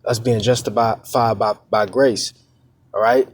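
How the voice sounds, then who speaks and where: A man giving informal scripture teaching as a preacher. He talks conversationally, often checking in with "all right?" and "man", halts on fillers and restarts, and reads verses slowly and deliberately. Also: medium pitch, fairly even intonation, no echo. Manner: halting, with many fillers and restarts.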